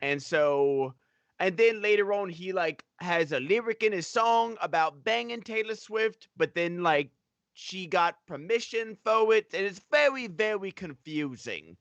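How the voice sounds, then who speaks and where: A man putting on a rowdy British-Australian bloke who swears and gossips, his pitch jumping up and down. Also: sing-song, a little slow, pushed and bright, no room sound, dull audio, heavily acted. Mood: mocking. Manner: swearing, slangy, swinging between high and low pitch. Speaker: panelist.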